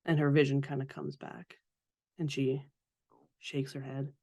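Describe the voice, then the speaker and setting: A tabletop player calmly describing their character's actions. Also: mid-range voice, a little slow, vocal fry, no echo. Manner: calm, descriptive.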